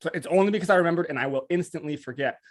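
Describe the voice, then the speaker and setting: A man co-hosting a casual live stream, talking very fast with many restarts, over a video call. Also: a little high. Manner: very fast talker, restless restarts. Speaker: co-host.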